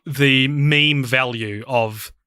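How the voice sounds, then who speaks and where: A young man co-hosting a podcast, loose and joking, with many fillers. His voice has a sharp, very bright edge. The sound is dry and close to the mic. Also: mid-range voice, very slow, smooth, no echo. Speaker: podcast co-host. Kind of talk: casual chat.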